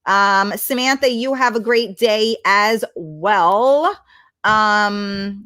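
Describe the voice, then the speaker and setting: A slow, mid-range, slightly bright female voice belongs to a host doing a casual home livestream on her laptop mic. She goes through the comments and talks to her audience bluntly, swearing freely.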